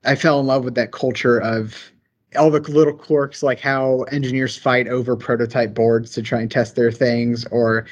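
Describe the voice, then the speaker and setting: Heard through lo-fi sound, this twenty-something Southern guest, an engineer from the rural American South, rambles through stories with eager enthusiasm in a casual podcast chat. His mid-range voice comes across flat, at a normal speed.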